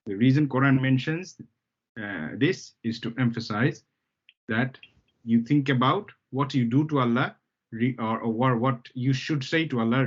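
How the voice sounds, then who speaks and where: Patient male Arabic teacher, lo-fi. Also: mid-range voice. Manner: patient, repeats key terms, checks understanding with "okay?". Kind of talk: live language lesson. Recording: dull lo-fi sound.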